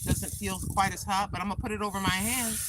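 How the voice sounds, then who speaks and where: Granny, as this older woman calls herself, sounds tired as she waters her garden outdoors and chats casually with viewers, often talking to herself. She films on a handheld phone amid a noisy background, her mid-range voice steady in tone and quick in pace.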